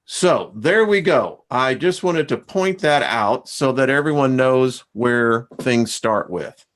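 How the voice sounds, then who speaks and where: A man's voice: mid-range voice, animated, slow. A man hosting a casual spiritual discussion, laughing often and reading out a list of principles. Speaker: host.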